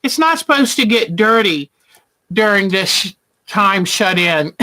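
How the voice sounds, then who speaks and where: A woman's voice: medium pitch, lively intonation, takes it slowly, sharp tone. A woman hosting a casual quilting livestream, chatty and affectionate, calling viewers honey.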